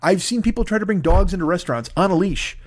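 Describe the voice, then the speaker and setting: Man, forties, podcast comic; profane animated rant, dry close sound. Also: high voice, fast talker, no room sound. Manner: profane, ranting, animated storytelling. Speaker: comedian podcast host. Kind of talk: casual comedic monologue.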